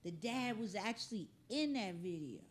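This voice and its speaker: A woman's voice: medium pitch, normal speed. Joking woman host riffing on clips. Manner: animated, joking, slangy. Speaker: comedy show host. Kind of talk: comedic reaction commentary.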